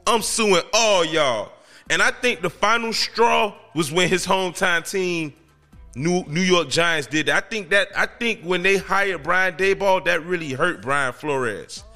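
A man hosts his own podcast in loose, slangy talk that builds into emphatic rants. His voice sits a little high and sounds bright and forceful. Faint music plays under him. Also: unhurried. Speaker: podcast host. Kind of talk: casual solo podcast commentary.

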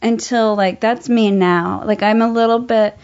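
A young adult woman, an actor, telling an animated story in casual chat, laughing often and using many fillers. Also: a little high, measured pace. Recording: dull lo-fi sound.

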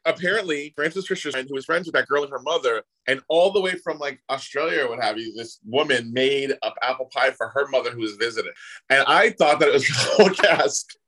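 In a mid-range voice and at a slightly quick pace, an actor guest tells casual stories, animatedly performing the voices of those he quotes. The audio is poor.

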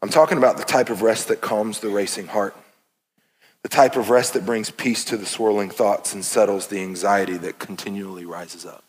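A man's voice: lowish voice, steady tone, moderate pace. A man in his thirties, a pastor preaching an earnest, impassioned sermon in a church, breaking into playful asides. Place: church sanctuary. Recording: long reverb of a large hall.

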